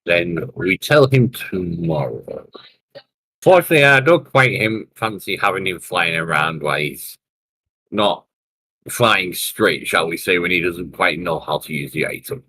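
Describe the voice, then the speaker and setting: Low-voiced man, bright and chatty. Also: expressive, unhurried, slightly rough, no echo, rough recording. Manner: chatty, laughing often. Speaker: player. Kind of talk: tabletop game role-play.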